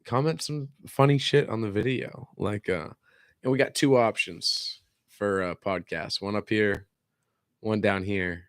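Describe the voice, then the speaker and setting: A man's voice: on the low side, measured pace, dry recording. A young man hosting a podcast, chatting loosely and jokingly in slang. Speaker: podcast host. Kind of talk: casual chat.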